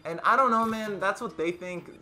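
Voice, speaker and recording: A teenage YouTuber tells a storytime vlog in a high-pitched voice at normal speed. He rambles casually, full of fillers and restarts, and gets loud whenever he quotes his friends.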